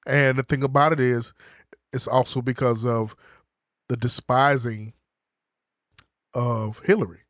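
A man in a casual political chat, quizzing and teasing the others, his voice rising when he gets excited. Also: mid-range voice, measured pace, long pauses, no echo, clean studio sound.

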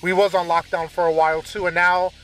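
A man's voice: high-pitched, little pitch movement, a little fast, fairly bright tone. A man hosting a podcast, talking in a rambling, chatty way full of fillers. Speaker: podcast host. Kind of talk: casual chat.

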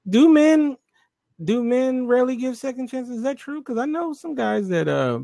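A man's voice: extremely high pitch, animated, normal speed, creaky, warm tone, no echo. A man co-hosting a casual talk show, chatting loosely and reading viewer comments aloud, with many fillers and restarts. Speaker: co-host.

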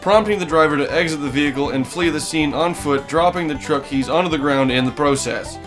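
A man's voice: a little high, brisk, music in the background. A man co-hosting a casual comedy podcast, reading news items aloud and joking about them. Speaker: podcast co-host.

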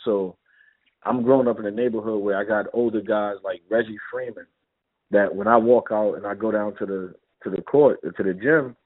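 His voice sits on the low side with a breathy edge, and he moves at a moderate pace. This middle-aged New Yorker, a former basketball player, is a guest in a casual interview, animatedly voicing the dialogue in his stories over a tinny, phone-like line.

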